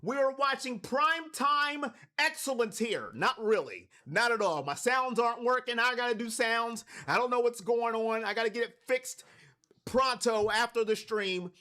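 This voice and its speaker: A man's voice: extremely high pitch, expressive, normal speed. A man from Cleveland hosting a live watch party stream, calling plays and talking to his chat. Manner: hypes chat, shouts on big plays.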